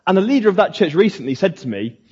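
Man, pastor, conversational sermon, husky voice, long hall reverb. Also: high-pitched, big pitch swings, fast, a little mellow. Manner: conversational preaching with mocking quoted asides. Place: church hall. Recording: echoey hall, dull lo-fi sound.

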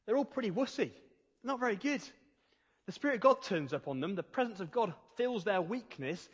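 Male preacher, sermon, emphatic, drawn-out stresses, church hall reverb, dull lo-fi audio. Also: high voice, very animated, slightly rough. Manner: earnest and emphatic, slows down to stress key phrases.

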